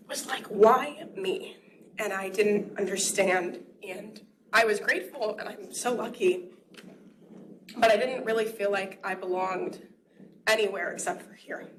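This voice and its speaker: A young woman in student government giving a heartfelt, tearful farewell speech at a meeting, laughing between lines. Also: medium pitch. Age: young adult. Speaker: student government vice president. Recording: noisy room recording.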